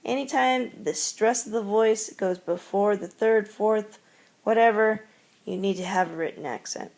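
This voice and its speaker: A woman's voice: medium pitch, measured pace, a little mellow. A woman teaching classroom commands, patiently repeating each one with its English meaning. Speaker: Spanish teacher. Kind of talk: classroom language lesson.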